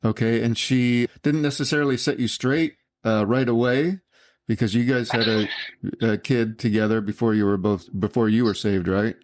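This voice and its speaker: A man's voice: medium pitch, steady tone, normal speed, dry recording. A man hosting a podcast interview, asking short direct questions. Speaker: podcast host.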